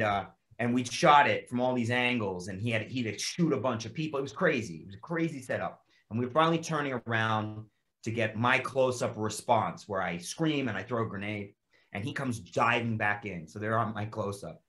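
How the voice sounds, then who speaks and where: A man, an actor on a cast reunion panel, telling a profane anecdote with animated energy and acting out the lines. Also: on the low side, fairly quick. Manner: profane, loud, acts out quoted lines.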